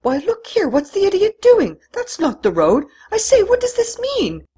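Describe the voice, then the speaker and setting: A man voices a bold gentleman thief in a storybook reading, roaring and raging as his voice jumps up high. He is husky, fast to command, and barks short orders. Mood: urgent, commanding. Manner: shouting, furious, commanding. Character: bold gentleman thief, adult male, masterful.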